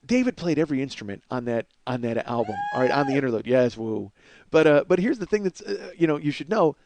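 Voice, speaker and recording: A man in his forties with a hoarse voice, hosting a comedic solo podcast in a rambling, profane, self-mocking way, in his home kitchen. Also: medium pitch, lively intonation, fast talker, noisy background. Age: 40s. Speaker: podcast host.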